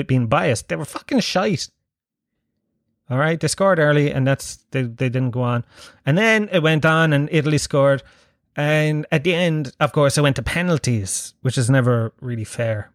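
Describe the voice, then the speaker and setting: A man's voice: medium pitch, no echo, studio quality. An Irish man hosting a show, riffing through a casual monologue of profane, joking, rambling banter. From Ireland.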